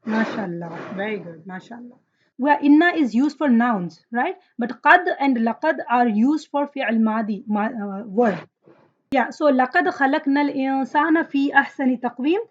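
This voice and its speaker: This woman's voice is fairly high, with lively intonation and an unhurried pace. She runs an online class on Arabic grammar, putting questions to students, praising what they say and reciting Quranic verses, all captured in dull lo-fi audio.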